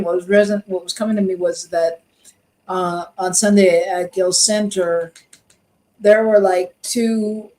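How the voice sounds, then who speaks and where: A woman's voice: medium pitch, dark tone, rough recording. Woman cohost rambling through a story, lots of false starts. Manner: chatty, restarts often. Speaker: co-host. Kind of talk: casual spiritual talk.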